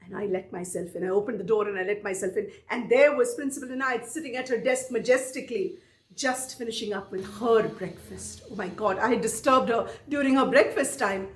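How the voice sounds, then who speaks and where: A woman storyteller telling a personal tale in an expressive, dramatic way, repeating phrases for effect. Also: medium pitch, brisk, roomy sound. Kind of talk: oral storytelling performance.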